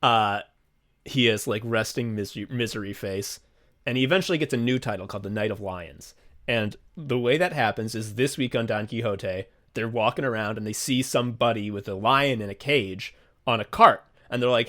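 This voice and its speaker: A man co-hosting a casual podcast, his voice set at an ordinary middle pitch. He talks in an excitable, profane rush and slips into quick little voices while he retells a story. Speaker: podcast co-host. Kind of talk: casual comedic chat.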